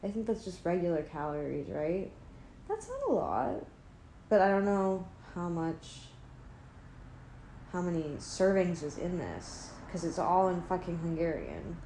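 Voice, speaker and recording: A woman's voice: lowish voice, sing-song, measured pace, mellow, a little hiss or hum. Sleepy rambling woman in an echoey room. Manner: rambling, self-deprecating, trails off and restarts. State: sleepy, not fully awake. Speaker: vlogger. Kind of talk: casual rambling chat to camera. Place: indoors at home, an apartment. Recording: echoey room with faint ambience.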